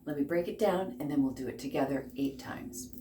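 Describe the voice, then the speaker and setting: A woman in her fifties with a deep, brisk voice leads a beginner ukulele lesson, encouraging her students and counting along. The room is echoey and there's faint noise.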